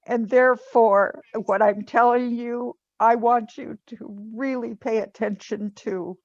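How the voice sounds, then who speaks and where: A tearful older woman, fairly high-voiced, talks slowly and emphatically about prayer at a memorial. Her voice comes dry and muffled over a video call. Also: fairly even intonation, dry recording. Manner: earnest, slow and emphatic, religious. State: tearful, crying. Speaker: bereaved family member speaking at a memorial. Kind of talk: heartfelt memorial remarks.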